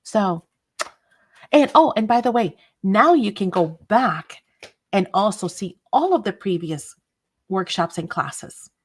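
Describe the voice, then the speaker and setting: A woman's voice: mid-range voice, animated, takes it slowly, husky. A woman hosting a casual craft livestream, chatting and laughing often and greeting viewers by name.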